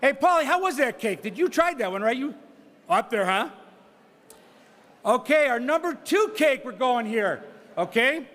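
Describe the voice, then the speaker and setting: Hyped-up guy auctioneering at a gala, teasing folks, yelling bids, voice way up high and jumping all over. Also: normal speed, pauses often. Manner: energetic, teasing, shouts bids and whoops. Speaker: charity auctioneer. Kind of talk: live auction calling. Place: banquet hall at a charity gala.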